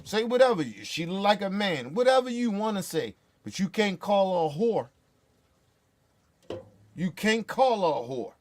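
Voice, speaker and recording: A man's voice: sits high, animated, unhurried. A man ranting in profane, heated commentary, blunt and repetitive. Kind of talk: profane political rant.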